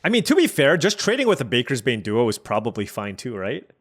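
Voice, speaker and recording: A man's voice: mid-range voice, huge pitch swings, fairly quick, a bit bright. A man streaming a digital card game, chatty and musing aloud over each play as he weighs his options. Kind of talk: thinking aloud while playing.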